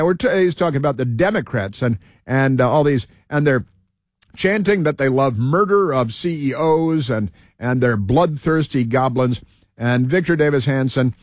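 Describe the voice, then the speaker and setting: A male talk show host who rambles through a heated political monologue, stumbling over fillers and restarting his sentences. His voice sits at an ordinary middle pitch. The sound is dry and close, with no room around it. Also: a little mellow, no echo.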